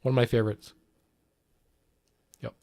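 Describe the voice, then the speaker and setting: A man's voice: medium pitch, level tone, normal speed, creaky, dark tone. Rambling, profane male streamer. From not Britain. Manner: rambling, profane, reacts and repeats lines. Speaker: livestream host. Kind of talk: casual reaction chat.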